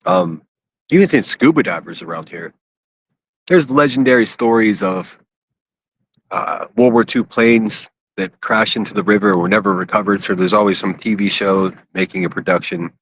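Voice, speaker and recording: A man's voice: fairly low pitch, moderate pace, fairly bright tone. A man from Pittsburgh chatting casually and a bit crudely on a phone livestream from an outdoor city park. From Pittsburgh, USA. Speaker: IRL livestreamer.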